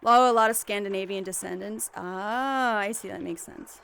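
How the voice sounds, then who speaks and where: A woman's voice: mid-range voice, moderate pace, gravelly, fairly bright tone, a little hiss or hum. A young woman livestreaming, chatting casually and rambling with giggles and restarts.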